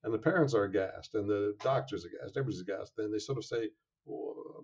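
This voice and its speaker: A man being interviewed as an author, talking in a measured, thoughtful way with frequent fillers and restarts. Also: fairly low pitch, darkish tone, slightly rough. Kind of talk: interview conversation. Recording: dull lo-fi sound.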